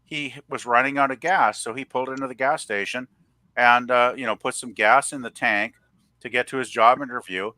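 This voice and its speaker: A man's voice: mid-range voice, steady tone, normal speed, pushed and bright, dry recording. A man chatting on a livestream, telling stories in a rambling, chatty way. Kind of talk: casual storytelling chat.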